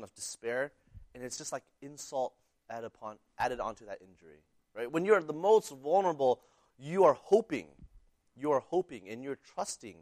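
A man's voice: mid-range voice, a little mellow, dry recording. A man preaching a sermon in a conversational way, often checking in with "right?" and repeating words as he starts sentences. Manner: conversational, keeps asking "right?".

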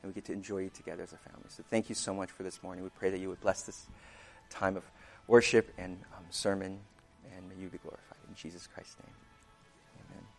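A man preaching a sermon, praying quietly and reading scripture with rising emphasis, chewing gum because of a dry mouth. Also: low-pitched, flat delivery, fast, faint music behind. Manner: chewing gum while speaking; prays softly, reads scripture with rising emphasis. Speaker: pastor.

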